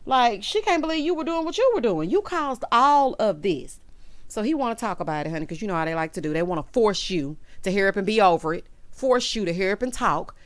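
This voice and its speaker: A woman's voice: medium pitch, animated, fast, no room sound. A woman, chatting sassily to her viewers as she recaps a reality show. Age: late 30s. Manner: sassy, chatty, talks straight to viewers. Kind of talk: casual recap commentary.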